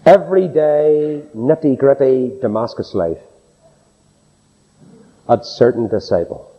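A man's voice: mid-range voice, takes it slowly, slightly rough. A man preaching a sermon in a dramatic, emphatic way, acting out the people he quotes. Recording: dull recording with long hall reverb.

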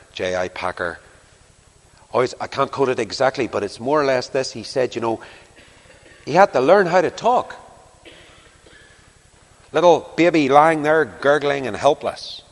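Male preacher, mid-pitched, very expressive, storytelling sermon; long hall reverb on the voice. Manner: animated storytelling, rising to emphatic declarations. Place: large church or hall before a congregation.

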